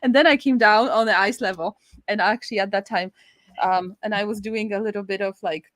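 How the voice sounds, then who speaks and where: A woman appears as a guest and tells a personal story in relaxed conversation, talking fairly quickly, laughing often and sounding animated. Her voice jumps high when she gets excited. The recording is dry, with clean studio sound.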